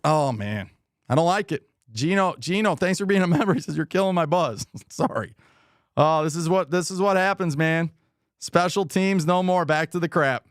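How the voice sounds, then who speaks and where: Man hosting a live watch party, rambling and frustrated over plays, slightly high voice, smooth, close dry mic. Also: fairly bright tone, no echo. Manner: frustrated, rambling, reads viewer comments aloud. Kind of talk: live game commentary and chat.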